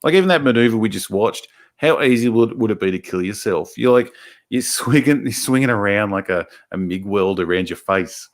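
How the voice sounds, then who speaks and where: A man's voice: lowish voice, lively intonation, brisk. A man with an Australian accent hosting a casual livestream, reading out viewer comments and rambling with plenty of swearing and restarts. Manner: rambling, swears freely, many restarts and fillers. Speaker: livestream host.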